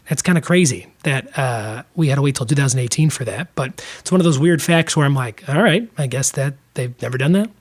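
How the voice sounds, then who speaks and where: Chatty man hosting a trivia podcast. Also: on the high side. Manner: chatty, joking asides between answers. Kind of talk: casual solo podcast trivia.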